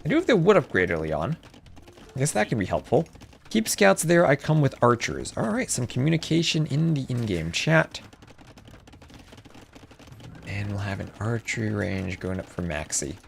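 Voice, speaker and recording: A man's voice: mid-range voice, normal speed, gravelly, pauses often, a little hiss or hum. Chatty man casting a strategy game. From New Jersey. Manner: chatty, reads chat aloud, excitable outbursts. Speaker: esports caster. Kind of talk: live game commentary.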